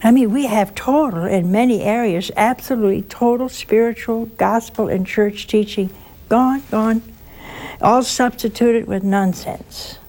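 Slow, emphatic woman preaching. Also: on the high side, darkish tone. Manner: slow, emphatic, rhetorical questions and folksy asides. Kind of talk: storytelling sermon.

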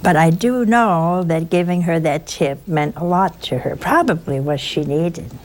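A woman's voice: sits low, a little slow, darkish tone. A woman giving an informal sermon, telling chatty, teasing stories with a folksy touch. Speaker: religious speaker.

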